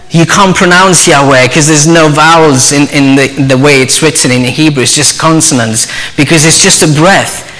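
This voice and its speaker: A man preaching a sermon, telling a story earnestly and dropping to a soft voice for quoted speech. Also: a little high, normal speed. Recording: long hall reverb.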